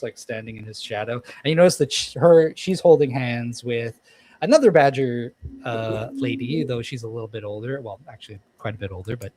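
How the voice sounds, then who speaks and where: A man's voice: medium pitch, background noise. A man running a tabletop roleplaying game, narrating scenes and calling for dice rolls in a medium voice. He meanders through descriptions, stopping and restarting his sentences with lots of ums. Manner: rambling, many ums and restarts. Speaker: game master.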